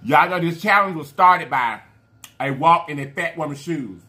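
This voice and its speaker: A man's voice: fairly high pitch, normal speed, pushed and bright. A man talking casually to his viewers while eating a seafood meal, chatty and murmuring between bites. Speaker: mukbang vlogger.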